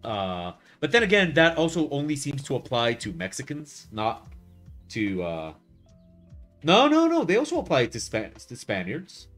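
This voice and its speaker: A man's voice: medium pitch, moderate pace, faint music behind. A man chatting casually on a live art stream, rambling with lots of fillers and restarts and telling things in a wry way. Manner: wry, lively storytelling. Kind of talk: casual chat while drawing on stream.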